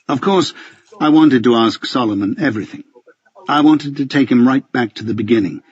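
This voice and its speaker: A man's voice: medium pitch, breathy edge, no room sound, dull audio. A man narrating a first-person audiobook with a dry, wry, understated delivery.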